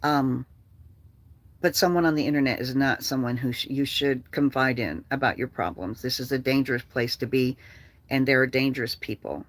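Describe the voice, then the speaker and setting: The voice belongs to an older woman, rumbling low and at normal speed. As host of a casual livestream, she swears and rants bluntly while going through viewer comments out loud.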